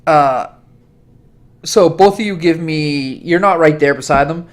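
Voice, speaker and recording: A man's voice: a little high, unhurried. A man narrating as game master for a tabletop game, in a casual, chatty way with laughs and fillers.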